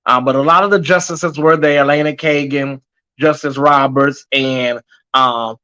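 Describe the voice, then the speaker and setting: A man's voice: mid-range voice, fairly even intonation, measured pace, sharp tone, clear, resonant tone. A man hosting a live online commentary show, chatting casually with a sassy manner and calling his viewers y'all and honey.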